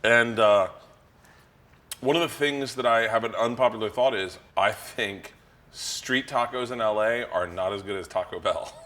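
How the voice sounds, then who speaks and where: A man's voice: on the low side, unhurried. A middle-aged man hosting a casual chat while cooking in a kitchen, telling stories with big laughs and plenty of swearing. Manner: loud laughing storyteller, swears freely. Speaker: podcast host. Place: home kitchen.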